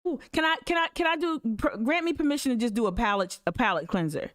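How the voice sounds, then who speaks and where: A woman chats casually on a live stream, reacting with animated energy and addressing her audience directly. Her voice sits somewhat high. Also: quick pace. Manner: animated, laughing, talks straight to viewers. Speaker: livestream host. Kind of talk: casual livestream commentary.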